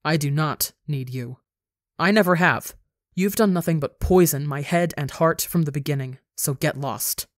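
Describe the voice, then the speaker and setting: A reader playing a traumatized young winged man who shouts and snarls with raw fury, in a dry close recording. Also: mid-range voice, fairly even intonation, a little fast, few pauses, dry recording, lightly acted. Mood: defiant.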